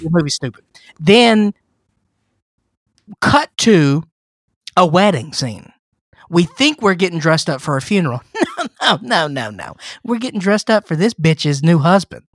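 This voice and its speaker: A man's voice: on the high side, unhurried, long pauses, dry recording, studio quality. Profane, sarcastic man recapping a movie. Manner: profane, sarcastic, animated storytelling. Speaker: podcast co-host reviewing films. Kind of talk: casual comedic movie recap.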